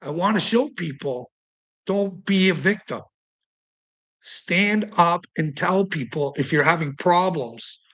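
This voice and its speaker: A man with a somewhat high voice delivers a fiery solo rant. He swears constantly and breaks into short laughs between points. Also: slow, a bit bright. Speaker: vlogger. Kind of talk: profane ranting monologue.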